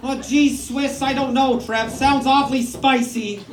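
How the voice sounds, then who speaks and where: A man's voice: very high-pitched, steady tone, measured pace, reverberant, recorded from a distance, crowd noise, noisy background. A stand-up comic voicing his folksy rural father, who grumbles about anything foreign. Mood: bewildered. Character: folksy rural older dad, suspicious of foreign things.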